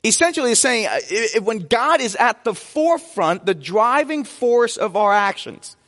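A man's voice: very high-pitched, big pitch swings, normal speed, a bit bright, big-room sound. A man preaching a sermon as pastor, conversational and joking with his congregation in a church sanctuary.

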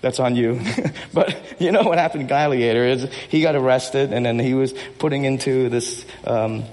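A man preaching a sermon from the pulpit, animated and joking with his congregation. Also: medium pitch, moderate pace, big-room sound. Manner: animated, energetic, acts out movie speeches with rising intensity; jokes with the congregation and repeats himself. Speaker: pastor. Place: church hall.

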